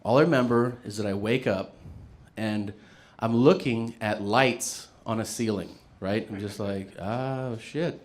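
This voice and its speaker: A man telling a stand-up story in an animated, profane way, laughing through it. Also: lowish voice, unhurried. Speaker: stand-up comedian.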